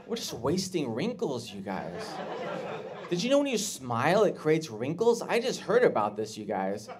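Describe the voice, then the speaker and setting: A man performs stand-up to a laughing club crowd. His voice sits a little high, and his delivery is awkward and halting, full of restarts. He keeps leaping into shrill character voices for the people in his stories. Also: a little hiss or hum. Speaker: stand-up comedian. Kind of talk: stand-up comedy set. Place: comedy club stage with live audience. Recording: clear live audience laughter.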